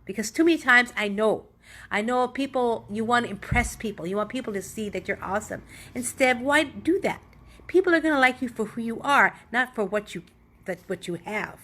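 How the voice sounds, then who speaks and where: Middle-aged woman, a touch high-pitched, earnest and rambling, giving an off-the-cuff motivational talk. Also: lively intonation, a little fast, fairly bright tone. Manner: earnest, rambling, self-correcting. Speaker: motivational vlogger.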